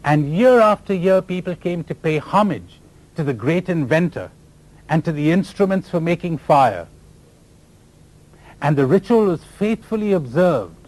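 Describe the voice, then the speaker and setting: A man's voice: a little high, lively intonation, a little slow, darkish tone, low-quality recording. A man from India, giving a spiritual lecture full of stories and laughing at his own jokes. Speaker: spiritual teacher.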